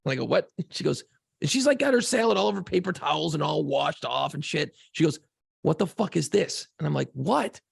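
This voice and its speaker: A man's voice: on the high side, animated, a little fast, no echo, studio quality. A man co-hosting a casual podcast, swearing freely and rambling through a long story about home life. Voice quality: gravelly. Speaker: podcast co-host.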